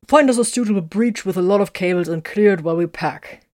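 A woman's voice: mid-range voice, quick pace, a little mellow, no room sound, clean studio sound, lightly acted. A woman voicing a stern, cautious warrior leader.

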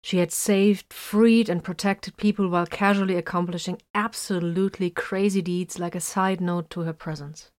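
A woman narrates a military adventure with emphatic bursts and sudden drops to hushed tones. Her voice sits on the lower side for a woman. The recording is dry and close, with no room sound. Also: steady tone, moderate pace, few pauses, no room sound. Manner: dramatic swings between loud emphasis and hushed lines. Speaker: audiobook narrator. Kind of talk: scripted narration of military science fiction.

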